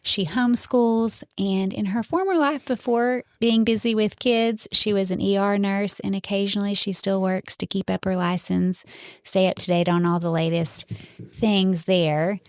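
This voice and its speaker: A woman's voice: mid-range voice, fairly even intonation, moderate pace, no room sound, studio quality. A woman with a Southern US accent hosting a podcast, introducing her guest and asking questions in an upbeat, friendly way. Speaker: podcast host. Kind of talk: casual chat.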